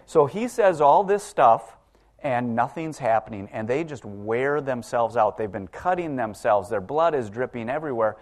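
A man's voice: medium pitch, animated, normal speed. A man preaching a sermon in a conversational way, often asking the congregation rhetorical questions.

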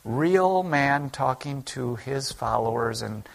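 A man's voice: mid-range voice, lively intonation, slow, gravelly. A man, a pastor, preaching a sermon in an earnest, conversational way at a church service. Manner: conversational, earnest preaching that acts out quoted speech.

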